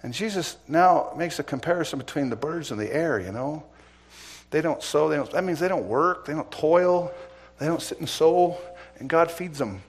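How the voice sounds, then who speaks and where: A middle-aged man preaching as pastor, asking the congregation pointed questions and swinging between loud emphasis and quiet asides. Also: fairly high pitch, expressive, moderate pace, slightly rough. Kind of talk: sermon.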